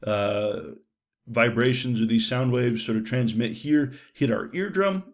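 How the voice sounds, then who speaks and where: A man's voice: mid-range voice, a little slow. A man giving a university psychology lecture in a loose, conversational way, with frequent fillers and "right?" checks.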